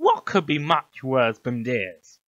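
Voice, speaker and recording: A man voicing a calm, nerdy cartoon twin boy who speaks in a matter-of-fact way. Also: medium pitch, takes it slowly, dull audio, a little hiss or hum.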